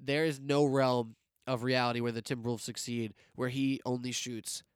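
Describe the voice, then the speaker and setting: A man co-hosting a sports podcast, talking casually and incredulously, quick to laugh. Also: mid-range voice, little pitch movement, smooth, no room sound, clean studio sound. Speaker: podcast co-host.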